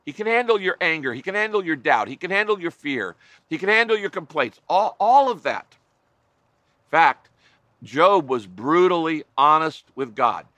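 A man's voice: a little high, big pitch swings, normal speed, bright, forceful tone, no room sound. A man pastor preaching a sermon, emphatic, driving home points with repeated lists.

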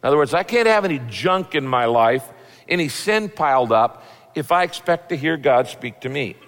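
A man's voice: a little high, expressive, moderate pace, a bit bright. A man preaching a sermon in a conversational, folksy way, acting out what people say. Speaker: pastor. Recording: long reverb of a large hall.

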